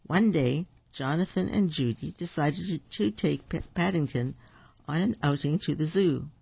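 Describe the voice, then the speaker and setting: A storyteller reading picture books aloud to children, slow and gentle, with asides to the listeners. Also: mid-range voice, vocal fry, slightly rough, dry recording. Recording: dull lo-fi recording.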